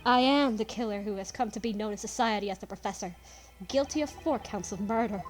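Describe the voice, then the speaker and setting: A woman reading aloud as a male nobleman confessing in his last will, slow and halting over the words. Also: mid-range voice, soft background music, lightly acted. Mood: grave. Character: male gentleman writing a murderer's confession. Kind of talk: reading game dialogue aloud.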